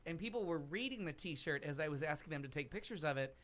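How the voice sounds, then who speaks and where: Talking fast in a fairly high, expressive, slightly bright voice, a podcast cast member on a talk show launches into a long travel story. His casual chat rambles and is full of asides.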